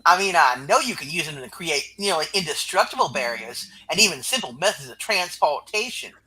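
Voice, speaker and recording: A man's voice: a little high, animated, a little fast, sharp tone, rough recording. A man reading the part of She-Hulk aloud in a comic book read-aloud, in an earnest, slightly over-read way. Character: She-Hulk, a strong, confident green superheroine.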